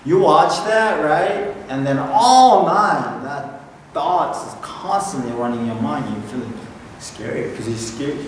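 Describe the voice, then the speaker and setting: Korean-accented pastor preaching from far off. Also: male voice, fairly high pitch, lively intonation, measured pace. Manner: repeats key points and checks in with "okay?". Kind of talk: sermon. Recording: echoey hall from far off, noisy room.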